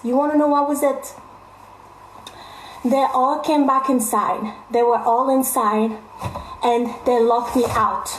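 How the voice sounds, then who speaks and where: Young woman vlogger, high voice, emphatic repeats, echoey room. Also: slight background noise. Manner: emphatic, repeats phrases for stress. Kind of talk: casual storytelling to viewers. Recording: roomy echo.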